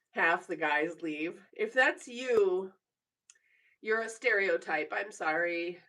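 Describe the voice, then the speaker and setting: Woman, 40s, unhurried teasing live-stream chatter, laughs a lot, mic set back a little. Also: on the low side, pushed and bright, distant mic. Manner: chatty, teasing, laughs often, reads viewer comments aloud. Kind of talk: casual live stream chat. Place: home bedroom.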